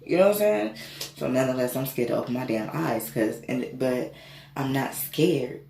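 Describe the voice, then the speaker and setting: A woman tells a personal story in a casual, animated way and swears freely. She sounds gravelly at times. The room has a noticeable echo. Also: extremely low pitch, moderate pace. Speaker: spiritual reader and reiki healer. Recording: echoey room with faint noise.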